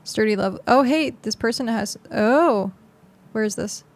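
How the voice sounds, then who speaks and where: A woman's voice: a little high, moderate pace. A young woman streaming a game, chatting casually and rambling with lots of fillers as she plays. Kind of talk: casual gameplay commentary.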